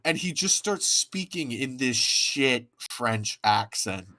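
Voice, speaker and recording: A man's voice: mid-range voice, animated, slow, bright, forceful tone. A man co-hosting a casual podcast, making dry, wry asides and sounding fed up with the show. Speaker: podcast co-host.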